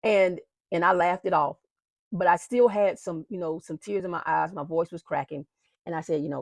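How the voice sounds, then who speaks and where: A woman's voice: on the low side, steady tone, normal speed, creaky, dry recording. A woman who founded an awareness movement, telling her own faith story to viewers in an earnest way. She repeats phrases for emphasis and calls her viewers "y'all.". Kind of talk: personal faith testimony to viewers.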